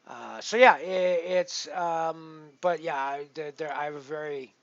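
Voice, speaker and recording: Rambling man streaming poker, loudness swinging. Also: on the high side, a little slow, no room sound, dull audio. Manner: rambling, with many restarts and big swings in loudness. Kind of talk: casual live-stream commentary. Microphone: headset.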